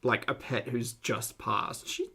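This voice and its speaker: A man's voice: medium pitch, lively intonation, takes it slowly, vocal fry, pushed and bright, breathy edge. Dry, sarcastic man commentating. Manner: dry, sarcastic, wry asides. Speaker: commentary host. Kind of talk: reaction commentary.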